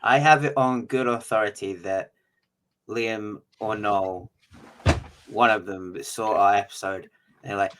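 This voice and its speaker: A man's voice: on the low side, steady tone, a little slow, background noise. A man co-hosting a casual podcast over a remote link, cracking dry jokes and speaking bluntly with plenty of swearing. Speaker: podcast co-host. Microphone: remote recording over an online studio.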